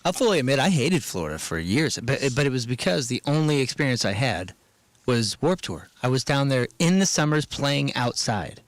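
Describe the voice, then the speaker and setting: Man, lively pitch, enthusiastic storyteller, casual banter, dry studio sound. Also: moderate pace, no echo. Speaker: touring musician guest.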